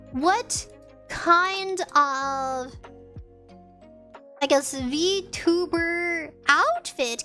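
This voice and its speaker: A high-voiced woman streaming live, chatting loosely with her viewers and giggling as she drifts from one thing to the next. Her voice has a slight rasp to it. Soft music plays faintly underneath. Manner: rambling, giggly, easily sidetracked. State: slightly raspy. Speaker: VTuber livestreamer. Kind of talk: casual livestream chat, reading chat messages.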